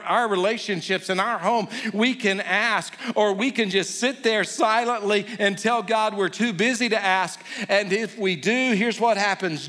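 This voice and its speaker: Male pastor, high voice, dynamic sermon delivery, long hall reverb. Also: fairly bright tone. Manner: dynamic preaching, rising and dropping to near whisper.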